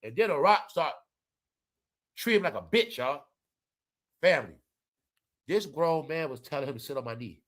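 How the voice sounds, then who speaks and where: A man giving animated, slangy casual commentary, often turning to his viewers. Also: a little high, normal speed, pauses often. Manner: animated, slangy, keeps addressing the audience. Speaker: commentary vlogger.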